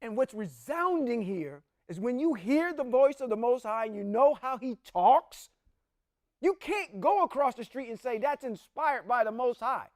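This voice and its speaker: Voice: mid-range voice, lively intonation, moderate pace, darkish tone, no room sound, clean studio sound. A podcast co-host who responds with affirmations and then gives an impassioned, preachy commentary on scripture. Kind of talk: religious podcast discussion. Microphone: podcast mic.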